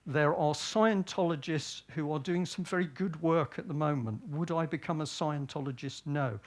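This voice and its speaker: A man's voice: fairly high pitch, moderate pace. A man from Britain giving a public talk, often asking himself rhetorical questions and answering them. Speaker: speaker at a public event.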